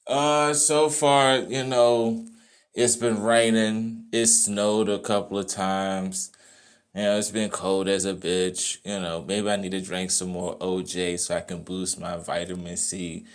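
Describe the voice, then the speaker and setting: A man with a lowish voice joins a podcast from a bathroom. He tells stories in a loose, salty, offhand way. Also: level tone, a little slow. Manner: loose, profane storytelling. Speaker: guest. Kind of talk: casual podcast chat.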